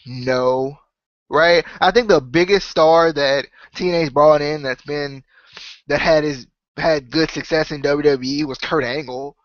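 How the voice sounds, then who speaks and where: A man's voice: a little high, steady tone, measured pace, no echo, dull audio. A man hosting a wrestling podcast, his voice sick, talking in a casual rambling way with lots of "right?" and "you know.". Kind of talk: casual solo opinion talk.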